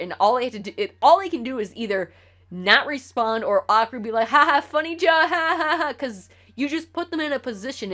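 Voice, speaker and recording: A woman streaming a video game, talking bluntly in a rambling, profane rant full of restarts. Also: medium pitch. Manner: blunt, swears freely, ranting. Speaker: gaming streamer. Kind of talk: casual commentary while playing a game.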